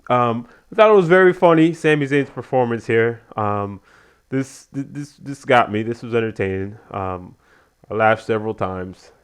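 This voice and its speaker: A man's voice: medium pitch, unhurried, smooth. A man giving a casual spoken review of a wrestling show, animatedly retelling what happened. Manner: animated retelling, acts out quotes.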